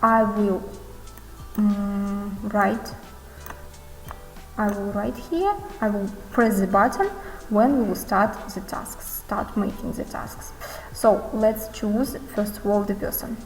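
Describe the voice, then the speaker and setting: A woman's voice: medium pitch, fairly even intonation. Woman teaching, reverberant room, music behind. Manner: explains slowly, reads example sentences with exaggerated rising and falling tunes. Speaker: English phonetics teacher. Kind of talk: classroom lesson.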